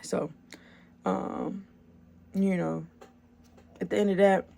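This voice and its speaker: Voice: mid-range voice, little pitch movement, slow, creaky, mellow. A young adult small business owner telling a long story in a casual vlog, chatty and slangy, with filler words and swearing.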